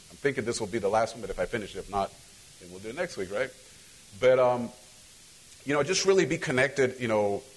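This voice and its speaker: A man's voice: medium pitch, rough recording. A middle-aged man from Mexico who is a pastor, giving a loose, conversational sermon with repeated words, restarts and emphatic rhetorical questions.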